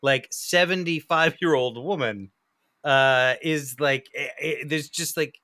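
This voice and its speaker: A man from the American Deep South in casual podcast chat, laughing often between fillers. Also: a little slow. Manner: lively and laughing, many fillers. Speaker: podcast guest.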